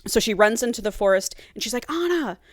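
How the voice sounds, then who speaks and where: A woman's voice: mid-range voice, steady tone, fast talker, no room sound, studio quality. A woman co-hosting a podcast, retelling a book's plot in casual chat and acting out the characters' lines with swearing. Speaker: podcast co-host.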